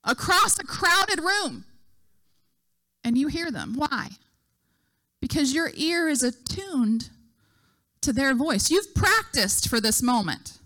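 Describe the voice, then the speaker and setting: A woman's voice: high-pitched, big pitch swings, slow pace, pauses often, pushed and bright. A middle-aged woman preaching a sermon, telling a story and acting out the voices she quotes.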